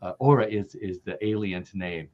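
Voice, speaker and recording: A man telling a story as a podcast guest in a relaxed, jokey way, chuckling along. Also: low-pitched, normal speed. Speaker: podcast guest, paranormal news writer. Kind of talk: casual interview storytelling. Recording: dull lo-fi sound.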